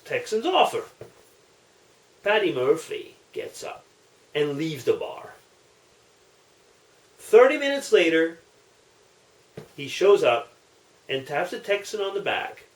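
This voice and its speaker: A man telling jokes in a casual video, chatty and commenting on his own stories. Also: fairly high pitch. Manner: chatty, unhurried, self-commenting. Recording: echoey room, distant mic.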